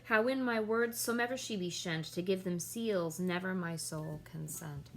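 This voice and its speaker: A woman's voice: on the low side, moderate pace, creaky, fairly bright tone, faint music behind. A woman reading the lines of a brooding young prince, declaiming the verse with rising intensity.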